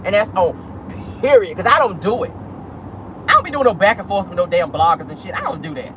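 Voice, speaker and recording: A woman's voice: medium pitch, animated, a little fast, fairly bright tone, slight background noise. A woman talking straight to her viewers in a sassy, petty vlog commentary, calling them "honey" and "y'all". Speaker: YouTube commentary host. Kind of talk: casual commentary vlog from a car. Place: parked car.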